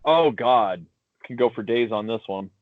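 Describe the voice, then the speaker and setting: A man co-hosting a casual podcast chat, swearing freely and giving blunt, animated opinions. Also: mid-range voice, measured pace, dry recording. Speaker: podcast co-host. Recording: dull lo-fi sound, dry.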